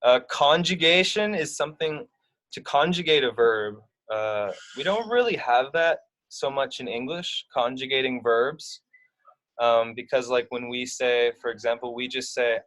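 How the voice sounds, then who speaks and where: A man's voice: mid-range voice, measured pace, fairly bright tone, low-quality recording. A man explaining verb endings to young learners, taking his time. He works through each point step by step with plenty of fillers along the way. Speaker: Spanish teacher. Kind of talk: explaining grammar to young students.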